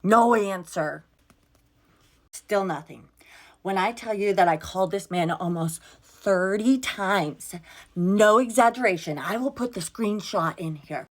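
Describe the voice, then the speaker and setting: At a measured pace and in a mid-range voice, a young woman tells a storytime vlog. She sounds casual and exasperated, swears freely, and acts out what she and everyone else said.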